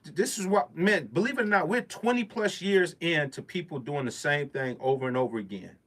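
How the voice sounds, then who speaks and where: A man's voice: on the high side, expressive, brisk, a bit bright. A man, a music producer, speaking in a casual monologue, emphatic and preachy with street slang. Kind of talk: casual talking-head monologue.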